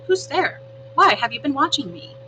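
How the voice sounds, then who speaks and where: A woman voicing a dramatic, theatrical female opossum in a storybook read-aloud, with drawn-out, exclaiming emphasis. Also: high-pitched, big pitch swings, bright, forceful tone, pitched above the performer's own voice, heavily acted, low-quality recording. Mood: startled. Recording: humming background noise.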